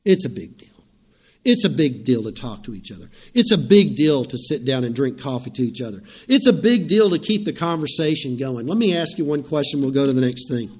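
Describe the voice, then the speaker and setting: A man's voice: mid-range voice, expressive, a little fast, darkish tone, slightly rough. A middle-aged man, preaching a sermon in a conversational way, repeating phrases and turning to the congregation with asides. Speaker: pastor.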